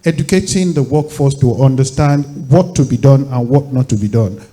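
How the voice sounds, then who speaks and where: A man's voice: mid-range voice, dark tone. A man speaking as a panelist, giving advice point by point with frequent fillers. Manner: advisory, lists points with "you know" fillers. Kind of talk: panel discussion answer.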